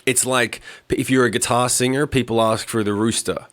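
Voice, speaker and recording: A man's voice: mid-range voice, steady tone, brisk, fairly bright tone. A man co-hosting a podcast in casual chat, talking bluntly and emphatically with a lot of swearing. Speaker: podcast co-host.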